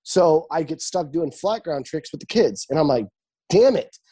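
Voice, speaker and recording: A young man in his twenties chatting casually, telling animated stories with lots of swearing and acted-out dialogue. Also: fairly high pitch, moderate pace, slightly rough. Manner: animated, swears freely, acts out quoted dialogue. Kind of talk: casual chat, storytelling.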